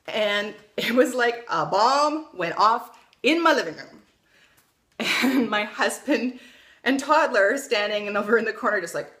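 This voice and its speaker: A woman's voice: a little high, sharp tone. A young adult woman vlogging in a casual, blunt way, swearing freely and telling stories with energy. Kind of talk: casual opinion vlog.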